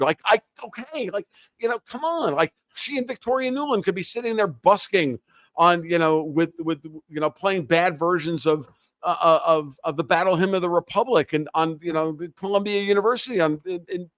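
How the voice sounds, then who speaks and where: A man with a somewhat high voice holds forth as a podcast guest in a heated, opinionated rant. He swears freely and turns sarcastic. The sound is dry and close, with no room echo. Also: normal speed, a bit bright. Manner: ranting, profane, sarcastic. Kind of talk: heated opinionated interview talk.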